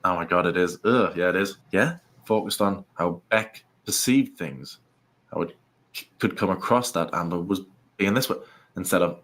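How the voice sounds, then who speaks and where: A man giving casual, opinionated commentary, rambling with quick asides and restarts. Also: low-pitched, a bit bright. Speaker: co-host.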